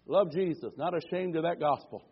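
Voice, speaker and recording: A male pastor speaks fairly quickly in a fairly high, slightly rough voice, delivering a fervent sermon inside a church sanctuary. He asks for amens and builds toward repeated declarations, captured on a dull lo-fi church recording.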